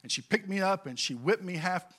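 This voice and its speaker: A middle-aged man from California preaching a sermon and telling a childhood story, swinging from quiet to loud as he goes. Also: high voice, animated, a little fast, breathy edge. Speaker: pastor.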